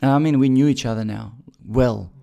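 A man's voice: mid-range voice, a little fast, vocal fry, warm tone, muffled recording. A man from Bosnia, telling his career story as a recruiter in a chatty way with many fillers and restarts. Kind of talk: casual storytelling.

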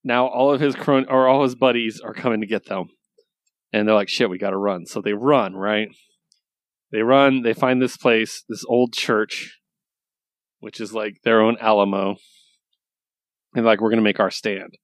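A man's voice: mid-range voice, fairly even intonation, unhurried, long pauses, dry recording. A man co-hosting a comics podcast in casual chat, loose and rambling, enthusiastic and swearing casually. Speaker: podcast co-host reviewing comics.

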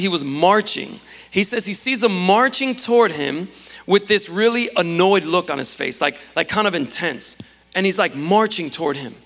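Man preaching a sermon, earnest, stammering restarts, high bright voice, hall echo. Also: vocal fry.

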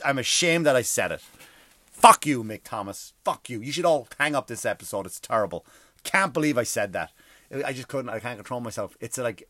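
A man's voice: medium pitch, no echo. Guy doing a swear-heavy comedy rant, keeps cutting himself off, dead dry sound. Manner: profane, self-interrupting, with sudden loud outbursts. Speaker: podcast host.

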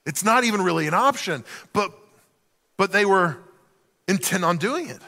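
A man preaching a sermon in an animated way, acting out the voices of the people in the story. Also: sits high, moderate pace, big-room sound. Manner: animated, acts out quoted voices. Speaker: pastor.

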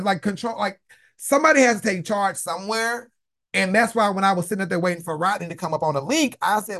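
A man with a high voice hosts a casual live chat with callers, speaking fairly quickly. He tells stories bluntly and animatedly, swearing plenty as he goes.

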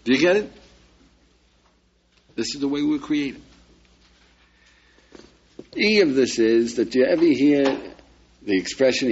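A man's voice: mid-range voice, lively intonation, a little slow, long pauses, slightly rough, lo-fi sound. A man, a rabbi, lecturing an audience with emphasis and frequent rhetorical questions. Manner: emphatic, peppers talk with rhetorical questions to listeners.

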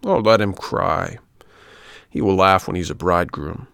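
A man's voice: sits low, unhurried, gravelly, a bit bright, clean tone, dry recording, clean studio sound, full character voice. A man voicing a sly little coachman who talks sweetly and coaxingly. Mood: dismissive. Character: sly little coachman, smooth and falsely friendly.

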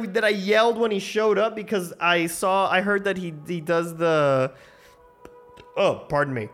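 A man hosting his own show, rambling excitedly and swearing freely through a casual movie review. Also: sits high, unhurried, faint music behind. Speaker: host.

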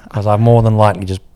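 A man's voice: fairly low pitch, mellow, clean tone. A man co-hosting a podcast in casual chat, laid-back with dry quips. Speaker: podcast co-host.

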